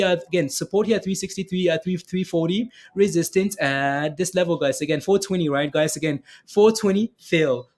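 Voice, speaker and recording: A man's voice: sits high, a little mellow. A man giving casual live-stream commentary on stock charts, chatty and repetitive, often asking "right, guys?" and reading viewer comments aloud.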